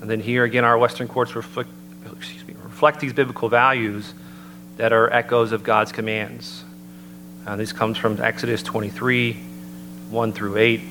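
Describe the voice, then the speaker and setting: Man, mid-low voice, earnest measured preaching delivery, recording carries a steady hum. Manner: measured, earnest, citing scripture. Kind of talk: sermon-style talk. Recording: noticeable background hum.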